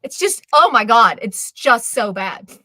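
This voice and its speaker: A woman co-hosting a live stream chat, ranting in an exasperated, animated way. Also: fairly high pitch, measured pace, no echo. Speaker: co-host.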